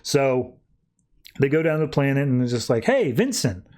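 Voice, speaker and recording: A man hosting a podcast, giving a casual, animated recap of a comic book and acting out the characters in quick voices. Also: mid-range voice. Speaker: podcast host.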